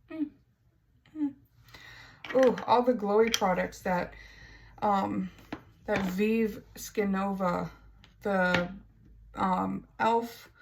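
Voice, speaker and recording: A woman's voice: medium pitch, creaky, noisy background. A woman beauty vlogger chatting casually through a makeup tutorial, self-mocking and stumbling over words now and then.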